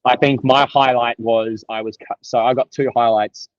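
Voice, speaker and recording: A young Australian man co-hosting a podcast, chatting casually and excitably, with plenty of swearing. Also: medium pitch, moderate pace, no echo, muffled recording. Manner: excitable, sweary, loose storytelling. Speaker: podcast co-host. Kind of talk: casual chat.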